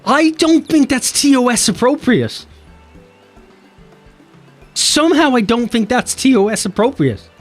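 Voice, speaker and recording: A man with an Irish accent, chatting playfully on a game live stream and jumping between deep and high voices. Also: animated, a little slow, pauses often, faint music behind. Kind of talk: casual live-stream chat.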